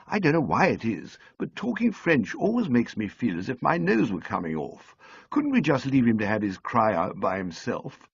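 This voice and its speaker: A man reading an audiobook, voicing an amiable, bumbling upper-class young English gentleman in a breezy, flustered way. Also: medium pitch, big pitch swings, normal speed, vocal fry, breathy edge, lo-fi sound, full character voice. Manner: breezy, flustered toff slang. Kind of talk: audiobook character voice.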